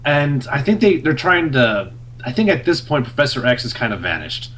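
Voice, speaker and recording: A young man on a podcast, recapping a comic in casual chat, full of fillers and quick laughs. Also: medium pitch, a little hiss or hum. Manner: animated storyteller, many fillers, laughs often. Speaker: podcast co-host reviewing a comic.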